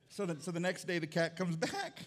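A middle-aged man preaching a sermon as pastor, animated and comic, swinging between loud bursts and quiet asides while telling a story. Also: on the high side, slight background noise.

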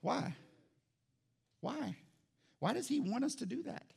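A male pastor preaching an animated sermon in church, calling out to the congregation and acting out little scenes. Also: very high-pitched, slow, creaky, breathy edge. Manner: animated, acts out quotes, calls out to congregation.

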